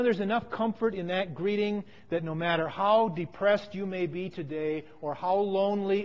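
A man with a fairly high voice preaches a sermon, mixing a personal story with scripture. He leans into key lines and then falls quiet. The recording is muffled, with a long reverb trailing off the walls. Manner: storytelling, emphatic, drops to quiet phrases. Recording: dull sound with long hall reverb.

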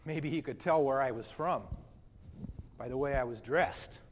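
A man acting out a proud, indignant wealthy young man in a dramatic first-person monologue, with animated, defensive delivery and a long hall reverb. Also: mid-range voice, normal speed, pitched below the performer's own voice, natural voice. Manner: animated, defensive, self-righteous.

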